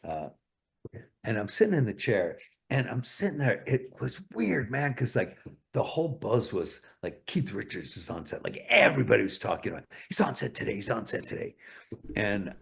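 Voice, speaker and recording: A man's voice: lowish voice, big pitch swings, normal speed, vocal fry, fairly bright tone, breathy edge. A male guest telling stories in a casual interview, rambling and swearing a lot. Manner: profane, rambling, full of fillers.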